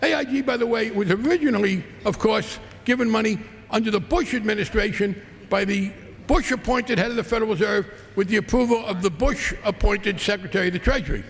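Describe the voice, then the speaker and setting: Sarcastic high gravelly congressman. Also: brisk. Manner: combative, sarcastic rebuttal. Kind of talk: floor debate speech. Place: large legislative chamber. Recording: long reverb of a large chamber.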